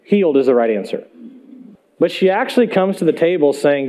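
Preaching a sermon in a church sanctuary, a male pastor addresses the congregation conversationally, driving points home with emphatic rhetorical questions. His voice is a little high and warm, with lively intonation and a slightly fast pace.

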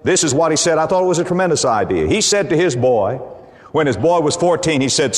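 A man preaching a sermon to his congregation, speaking emphatically and rising to excited peaks on his key points. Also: on the high side, brisk. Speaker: pastor. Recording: long reverb of a large hall.

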